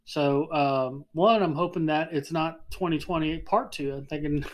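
Podcast co-host, woman, low voice, blunt, swears casually. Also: moderate pace, low-quality recording. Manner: blunt, swears casually, many short affirmations. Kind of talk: casual chat.

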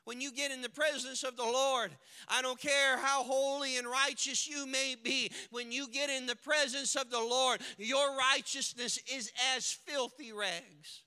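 A man preaching a sermon with dramatic swings from hushed to shouting, recorded in a church sanctuary. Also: very high voice, fairly even intonation, measured pace, few pauses, smooth. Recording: long hall reverb.

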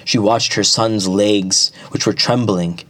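A man narrating an epic folk tale at a measured pace, with small restarts. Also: fairly low pitch, steady tone, a bit bright, no echo. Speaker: storyteller.

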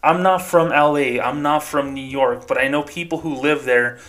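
A man's voice: fairly high pitch, normal speed, fairly bright tone. A man hosting a solo podcast, ranting heatedly and with profanity. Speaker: podcast host.

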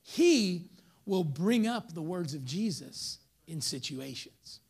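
A man preaching a sermon as pastor, swinging between loud emphatic lines and hushed whispers while acting out members of the congregation. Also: on the high side, big pitch swings, slow, gravelly, slightly rough.

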